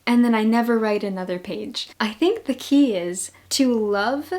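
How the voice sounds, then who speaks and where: A woman's voice: fairly high pitch, measured pace, a little mellow. A young woman with a Long Island accent chatting casually in a haul vlog, gushing and laughing often. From New York. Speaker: book vlogger.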